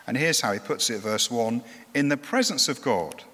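A man's voice: mid-range voice, lively intonation, normal speed, bright, forceful tone. A man preaching a sermon in an earnest, emphatic way, now and then restarting a phrase. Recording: echoey hall with long reverb.

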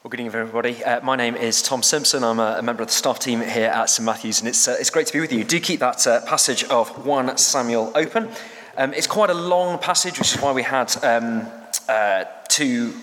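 A church staff member preaches a sermon, his medium-pitched voice a bit bright. He sounds chatty and hesitant, using lots of fillers, and the church hall around him echoes.

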